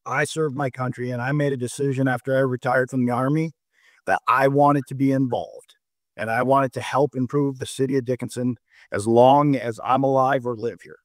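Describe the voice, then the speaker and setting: A man's voice: mid-range voice, fairly even intonation, moderate pace, no echo, clean studio sound. A middle-aged man from North Dakota, a mayor chatting casually on a discussion show, who often restarts and repeats words and tells anecdotes. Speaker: mayor, guest.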